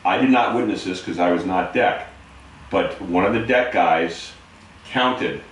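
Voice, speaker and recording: Low-voiced man telling navy anecdotes. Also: a little slow. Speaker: interviewer and navy veteran. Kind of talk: casual storytelling. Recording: very echoey room, distant mic.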